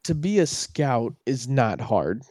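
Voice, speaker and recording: A man's voice: mid-range voice, very animated, slow pace, darkish tone, dry recording, clean studio sound. A man co-hosting a casual sports chat, ranting animatedly and swearing freely. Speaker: podcast co-host.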